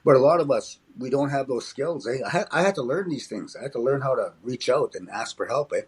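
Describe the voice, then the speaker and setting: A husky-voiced older man from Alberta speaks in a reflective interview. He circles back over his words and ends many lines with "eh?". His tone is measured and middle-pitched. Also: a little mellow. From Alberta, Canada. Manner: frequent restarts and tag "eh?". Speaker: comedian and motivational speaker, interview guest.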